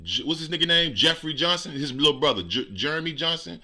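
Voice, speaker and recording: A man's voice: on the high side, animated, fast talker, very noisy. A man giving mocking, profane reaction commentary on a livestream, laughing often.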